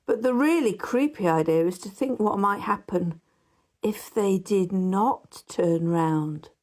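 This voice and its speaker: A woman voicing a gossipy male Victorian barrister neighbour in an audiobook, confiding and hushed at times. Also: medium pitch, slow. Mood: gossiping.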